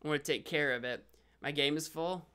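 A young man live-streaming a video game, rambling and correcting himself, with sudden excited outbursts. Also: fairly high pitch, brisk, clean tone.

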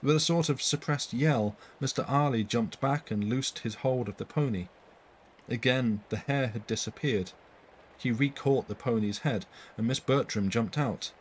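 A man's voice: mid-range voice, moderate pace, a little hiss or hum, low-quality recording. A man reading a ghost story aloud on a live stream, lifting his voice for the quoted lines and correcting his own slips as he goes.

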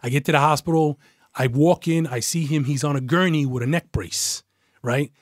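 A middle-aged man whose voice runs on the high side speaks at normal speed in a studio-quality recording without echo. Once a police detective, he tells a story bluntly in a casual interview, swearing a lot and acting out the voices of the characters.

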